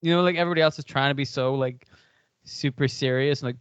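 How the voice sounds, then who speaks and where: A man with an Irish accent chatting casually as a podcast co-host, rambling in an animated way. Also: mid-range voice, quick pace, clear, resonant tone, no room sound, highs cut off. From Ireland. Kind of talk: casual chat.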